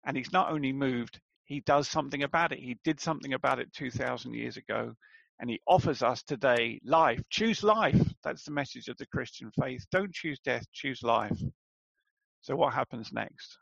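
A man's voice: mid-range voice, moderate pace, gravelly, a bit bright, no echo, lo-fi sound. A man preaching a sermon in a conversational way, asking rhetorical questions and calling his listeners friends.

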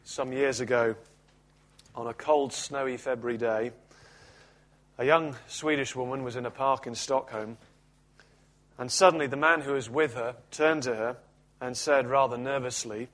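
Preacher, male, mid-pitched voice, earnest and measured, steady sermon cadence. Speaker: pastor. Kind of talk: sermon with scripture reading.

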